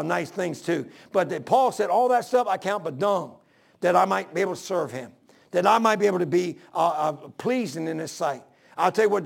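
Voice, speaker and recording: A man preaching a fervent, folksy sermon that builds to shouting. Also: high-pitched, creaky.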